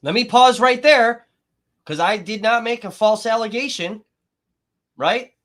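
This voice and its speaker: A man's voice: extremely high pitch, unhurried. A man hosting a livestream, reacting to trial footage with heated, profane commentary and getting worked up as he talks to his chat. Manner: angry, swears constantly, gets worked up and loud.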